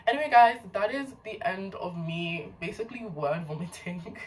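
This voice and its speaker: A woman's voice: lowish voice, animated, moderate pace, distant mic, rough recording. A woman book vlogger in casual chat, talking with gushing enthusiasm.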